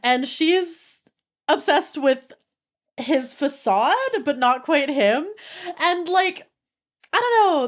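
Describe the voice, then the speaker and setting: A young woman streamer chatting casually with her viewers, gushing and giggling, with lots of "like" in her speech. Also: high voice. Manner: giggly, breaks into laughter. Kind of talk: casual chat with live viewers.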